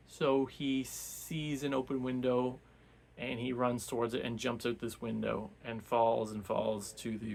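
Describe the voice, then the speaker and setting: A man's voice: mid-range voice, vocal fry. A man giving a casual, rambling recap of a novel for a book club, full of restarts and fillers.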